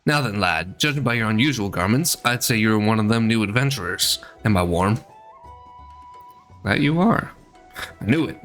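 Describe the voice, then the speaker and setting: A man voicing a chatty sailing merchant in a rough folksy accent he admits he is not good at. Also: on the low side, lively intonation, normal speed, pauses often, fairly bright tone, soft background music. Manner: homely, colloquial, slightly clumsy put-on accent.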